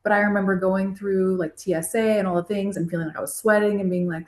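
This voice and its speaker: A woman therapist, a podcast guest, telling personal stories casually and lively. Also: mid-range voice, quick pace, hardly any pauses, roomy sound. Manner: storytelling, animated when quoting herself. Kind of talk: casual interview chat.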